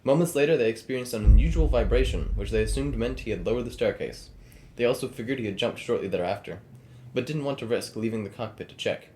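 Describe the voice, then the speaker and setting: A man's voice: medium pitch, a little hiss or hum. A man co-hosting a podcast, reading a true-crime story aloud between casual banter with friends. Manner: quick, reads script in steady storytelling cadence. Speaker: podcast co-host narrating the story. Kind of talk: casual podcast chat and read narration.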